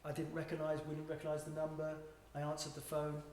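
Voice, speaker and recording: A man's voice: on the high side, completely flat delivery, fast, darkish tone. A man telling a funny travel story in casual chat, laughing often as he goes. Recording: very echoey room with faint noise.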